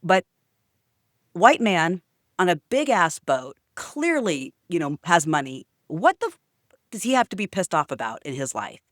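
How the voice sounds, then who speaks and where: A woman's voice: lowish voice, big pitch swings, a little slow, no room sound, clean studio sound. A woman telling a story to camera in a casual, outspoken rant. She swears freely and fills her talk with chatty asides. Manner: chatty with many fillers. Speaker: vlogger.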